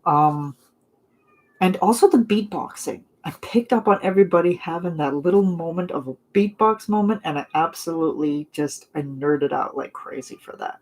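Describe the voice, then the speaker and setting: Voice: medium pitch, normal speed, a little mellow. Non-binary vlogger, young adult, casual live chat, gushing, rambling, mid-range voice. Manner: gushing, chatty, rambling with fillers and laughs. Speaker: vlogger chatting with viewers.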